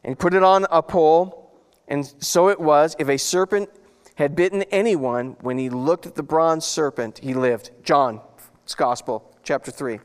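A man's voice: fairly high pitch, unhurried, clean tone, big-room sound. A man preaching a sermon as pastor, reading scripture and breaking into folksy, chatty asides.

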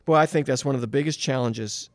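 A man's voice: medium pitch, fast talker, dry recording. A middle-aged man giving a conversational sermon as a pastor, earnest, with many rhetorical questions. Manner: earnest, asks rhetorical questions, frequent "you know".

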